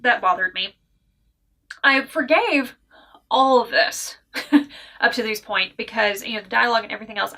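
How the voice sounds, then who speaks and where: A Southern woman with a Southern US accent, casually reviewing a book in a chatty, animated way with frequent laughs and asides. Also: on the high side. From American South.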